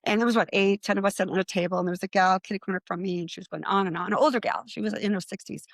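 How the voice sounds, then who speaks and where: A middle-aged woman telling her own story in casual talk, lively and quick to act out what others said. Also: no room sound. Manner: animated, acts out quoted voices with rising pitch. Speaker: guest.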